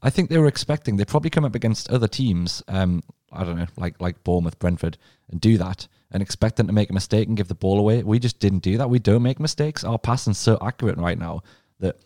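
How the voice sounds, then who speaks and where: A man's voice: fairly low pitch, fast talker, warm tone, no room sound, studio quality. A man co-hosting a football podcast, talking emphatically and opinionated, swearing casually. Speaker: podcast co-host.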